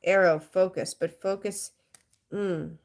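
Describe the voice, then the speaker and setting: A woman's voice: on the low side, fairly even intonation, takes it slowly. A woman giving a live tarot reading in a frank, rambling way, swearing casually and greeting viewers. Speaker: tarot reader.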